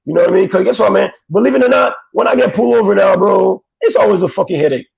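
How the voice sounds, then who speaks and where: A man's voice: high voice, fast, gravelly, darkish tone, breathy edge. A male guest in casual chat, telling stories in blunt, profane street talk. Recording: dull, dry lo-fi sound.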